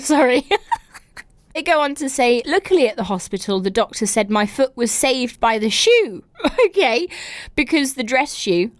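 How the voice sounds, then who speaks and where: A woman's voice: a little high, no echo. A woman hosting a podcast, reading listener stories aloud and reacting with giggly laughter and incredulous exclamations. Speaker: podcast host.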